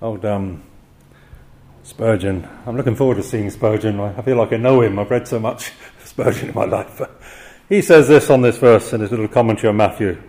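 A man's voice: lowish voice, normal speed, darkish tone. An older man preaching an expository sermon, often chuckling between points and voicing the quoted cries with drama.

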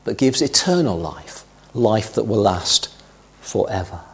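A middle-aged man preaching a sermon, teaching through scripture in a measured way and quoting verses with emphasis. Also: on the low side, lively intonation, creaky, breathy edge.

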